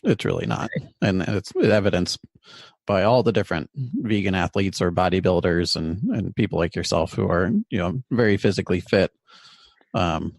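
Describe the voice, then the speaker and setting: A male podcast host chats casually and agreeably, often pausing with fillers. His voice sits very low and has a gravelly edge. The sound is dry and close. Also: no echo. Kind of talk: casual interview talk.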